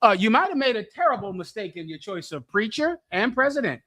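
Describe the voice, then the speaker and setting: A man's voice: high voice, sing-song, fairly quick, sharp tone. A man preaching a fiery sermon in a mocking, scolding rant.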